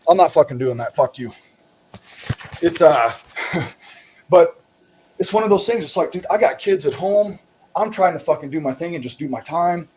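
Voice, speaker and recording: A man, a military veteran and podcast co-host, telling army stories in casual chat, swearing constantly and loudly mimicking officers. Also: fairly high pitch, animated, moderate pace, a little hiss or hum, low-quality recording. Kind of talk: casual profane storytelling.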